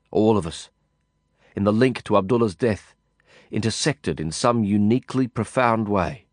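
Low-voiced man narrating a brooding novel. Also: no echo, studio quality. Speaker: audiobook narrator. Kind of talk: first-person novel narration.

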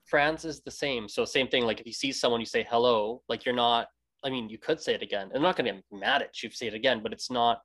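A man's voice: mid-range voice, quick pace, a bit bright. A Canadian man hosting a casual interview, rambling with many restarts. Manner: rambling, many restarts, acts out quoted greetings. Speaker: podcast host.

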